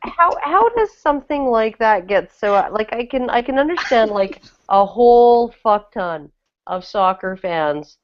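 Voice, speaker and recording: A woman's voice: on the high side, lively intonation, measured pace. A woman co-hosting a casual podcast, rambling and restarting her sentences, often checking in with "right?". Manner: rambling, repeats words, frequent "right?". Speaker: podcast co-host. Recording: dull lo-fi podcast audio.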